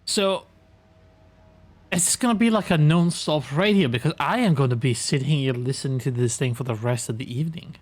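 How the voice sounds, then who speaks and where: A man's voice: medium pitch, normal speed. A young man streaming a game live, chatting casually, thinking aloud, trailing off and chuckling often.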